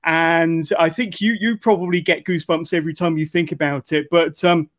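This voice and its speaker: A man hosts a conversational interview, speaking in a measured, halting way with restarts along the way. His voice sits a little higher than most men's. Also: fairly even intonation. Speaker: interview host.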